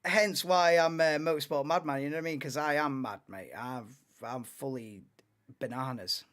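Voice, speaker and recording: A man in his late twenties, hosting a live race watchalong in an excitable, rambling, chatty way. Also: medium pitch, normal speed. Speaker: livestream host.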